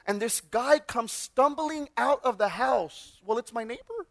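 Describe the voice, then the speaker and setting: A male pastor giving a sermon in a church, telling personal stories in an animated way and often restarting his sentences. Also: extremely high pitch, moderate pace, creaky, few pauses, no echo, studio quality. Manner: animated storyteller with frequent restarts. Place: church sanctuary.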